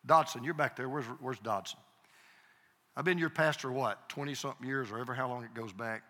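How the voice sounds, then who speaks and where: Bright-voiced pastor preaching in a hall. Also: male voice, medium pitch. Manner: storytelling with repeated starts and emphatic pauses. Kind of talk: sermon storytelling.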